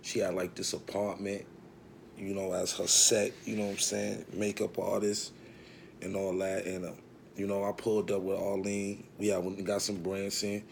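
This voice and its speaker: A man's voice: sits low, flat delivery, normal speed, vocal fry, a little hiss or hum. A man telling a long, rambling, profane story about his past in a casual way.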